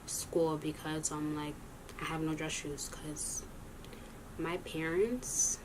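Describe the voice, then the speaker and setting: A young woman tells a story in a loose, rambling way, often stopping to correct herself. Her voice sits a little low for a woman. A faint hiss runs underneath. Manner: rambling, animated, self-correcting. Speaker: vlogger. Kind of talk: casual storytime vlog.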